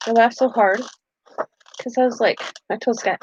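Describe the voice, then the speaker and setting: A woman's voice: fairly high pitch, steady tone, moderate pace, dull audio, background noise. An older woman chatting casually on her live craft stream, laughing often and acting out quoted voices. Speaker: craft channel host.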